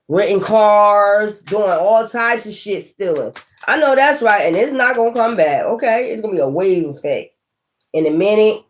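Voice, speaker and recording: A woman giving a tarot reading in a blunt, profane manner, laughing often and talking straight to the listener. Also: mid-range voice. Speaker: tarot reader.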